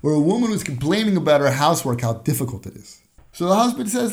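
Talking fast and very animatedly in a fairly high voice, a man hosts a podcast with a conversational Torah lesson. He illustrates points with everyday examples, acts out brief conversations, and chuckles now and again.

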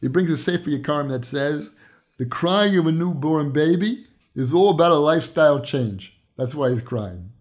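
A man's voice: fairly high pitch, expressive, moderate pace, a little mellow. A man hosting a weekly Torah podcast, earnestly explaining lessons through retold stories and scripture. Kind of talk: weekly religious teaching podcast.

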